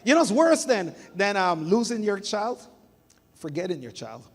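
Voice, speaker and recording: A middle-aged pastor from Jamaica preaching with a high, bright-edged voice. He tells stories with energy and slips into voices of the people in them. His voice rings out with long reverb from the church hall. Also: moderate pace, a little hiss or hum. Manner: storytelling, animated, acts out family voices. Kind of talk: sermon. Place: church sanctuary.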